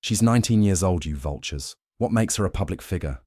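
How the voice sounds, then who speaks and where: A man voicing an aging male rock star with a Birmingham accent, firm and quietly threatening. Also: sits low, expressive, fairly quick, dry recording, studio quality. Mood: angry. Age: older.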